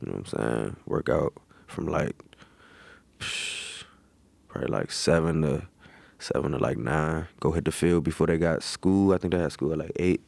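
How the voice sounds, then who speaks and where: A man's voice: a bass voice, normal speed, creaky, long pauses, darkish tone, dry recording. A man in his thirties, a pro football player, chatting as a guest in laid-back slang and telling his story with lots of "you feel me" tags. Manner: acts out quoted voices animatedly. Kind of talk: casual storytelling chat.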